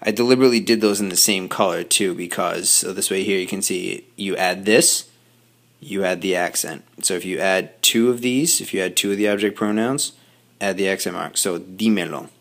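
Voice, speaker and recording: A man teaching a recorded Spanish grammar lesson, explaining patiently step by step with quick asides to his students. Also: sits low, gravelly, fairly bright tone. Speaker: high school Spanish teacher.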